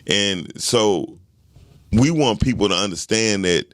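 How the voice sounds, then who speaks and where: A man hosting a podcast chat, talking forcefully and emphatically, often repeating himself. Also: fairly low pitch, takes it slowly, no room sound, clean studio sound. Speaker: podcast host. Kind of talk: casual group chat.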